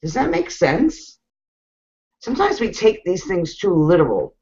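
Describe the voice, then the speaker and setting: Blunt low-voiced woman coach. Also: wildly swooping pitch, a little slow, warm tone, muffled recording. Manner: frank, blunt, peppered with mild swearing. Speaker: coaching group host. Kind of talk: casual group coaching talk.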